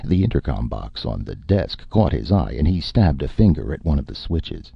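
A man narrates a story in a measured, storytelling manner. His voice is extremely deep and gravelly, with lively swings in pitch. The recording is dry, muffled and lo-fi. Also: dry recording. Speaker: audiobook reader. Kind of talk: scripted narration.

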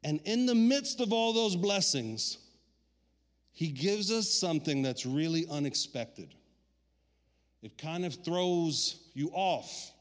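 A man preaching a sermon as pastor, animated, acting out quoted voices and dropping low and quiet for inner thoughts. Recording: long hall reverb.

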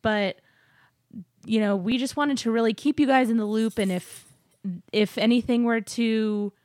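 A woman's voice: a little high, steady tone, measured pace, darkish tone, no room sound. A woman co-hosting a podcast in casual chat, talking in an upbeat way and laughing often as she talks. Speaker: podcast co-host. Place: new apartment studio.

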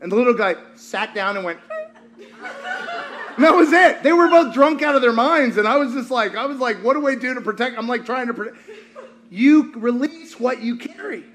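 A man preaching a sermon to a congregation, telling stories with animated, acted-out quotes. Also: extremely high pitch, normal speed. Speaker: pastor.

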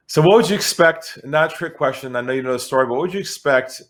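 A man's voice: mid-range voice, fast. A middle-aged man from San Diego telling a story as an interview guest, acting out the voices of the people in it. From San Diego, California. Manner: animated storyteller, acts out voices. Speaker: guest, sales expert.

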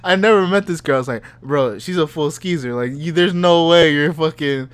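A man's voice: a little high, fairly quick, few pauses, slight background noise. Young guy on a podcast telling a story, doing little voices for people, cracking up a lot. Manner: animated, acts out voices in anecdotes, laughs often. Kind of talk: casual storytelling chat.

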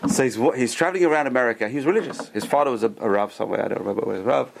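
A man teaching a Torah class in a rapid, gravelly voice. He tells stories with enthusiasm and keeps breaking into exclamations. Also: mid-range voice, a little hiss or hum. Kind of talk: classroom Torah lecture with storytelling.

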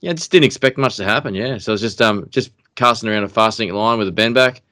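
An Australian man, a podcast guest, telling a story in casual chat, excitable and animated, trailing off into fillers. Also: fairly low pitch, fast talker.

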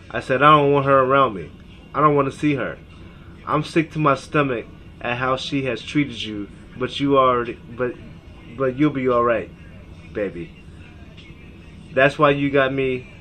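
A man's voice: medium pitch, a bit bright, slight background noise, poor audio. A man in his thirties from Seattle hosting a podcast, ranting with heavy profanity, rambling and reading his text messages aloud. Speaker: podcast host. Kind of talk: emotional rant.

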